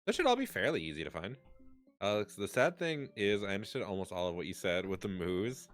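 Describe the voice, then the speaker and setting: Deep, smooth-voiced man. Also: a bit bright. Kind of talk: casual chat.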